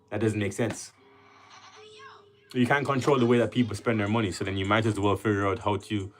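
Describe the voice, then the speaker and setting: A Jamaican man with a fairly low voice hosts a relaxed livestream, talking loosely and greeting viewers by name as their comments come in. Soft music plays faintly behind him. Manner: chatty, greets and reads viewer comments aloud. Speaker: livestream host. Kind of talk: casual livestream chat.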